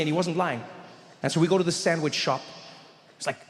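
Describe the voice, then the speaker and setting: A male comedian telling a stand-up story in an animated way, acting out the people in it. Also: fairly high pitch, a little fast, long pauses, big-room sound. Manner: animated, acts out characters.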